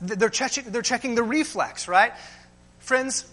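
A man's voice: very high-pitched, unhurried, a bit bright. A man preaching a sermon as pastor, asking the congregation rhetorical questions and often tagging "right?" and "friends".

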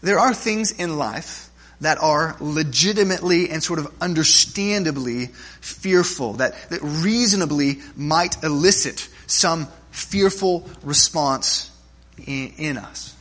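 Husky-voiced pastor, higher-pitched man. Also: takes it slowly, a bit bright. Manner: conversational, checks in with listeners with "right?"; humorous stories, frequent restarts. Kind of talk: sermon.

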